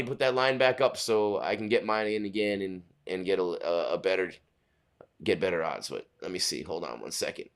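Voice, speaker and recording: A man's voice: lowish voice, moderate pace, fairly bright tone, smooth. A man hosting a casual live stream, rambling and restarting often as he chats with viewers while clicking through pages. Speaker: livestream host.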